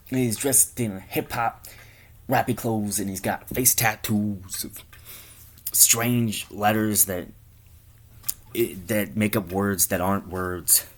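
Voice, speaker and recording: A man telling a rambling, profane comic story in a casual way. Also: fairly low pitch. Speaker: comedian.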